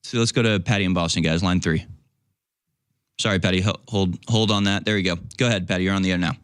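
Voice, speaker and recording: A man's voice: deep voice, steady tone, quick pace, smooth, no echo, clean studio sound. Wry man hosting call-in radio. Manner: laughs easily, wry. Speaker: radio show host.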